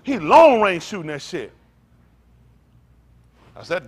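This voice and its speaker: An older man preaching in a fiery, profane rant. His voice sits high and leaps around wildly in pitch, and he swings from shouted outbursts to low, weary mutters. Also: big pitch swings, slow pace, long pauses, husky. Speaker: pastor.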